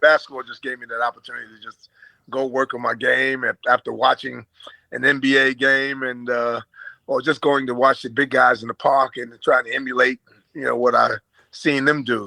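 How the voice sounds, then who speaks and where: An older man from Brooklyn with an American accent and a slight Australian twang, chatting as an interview guest and telling stories in a relaxed way with fillers and chuckles. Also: medium pitch, normal speed, creaky, no room sound, rough recording. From Brooklyn, New York. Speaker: guest, former basketball player. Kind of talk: casual storytelling in an interview.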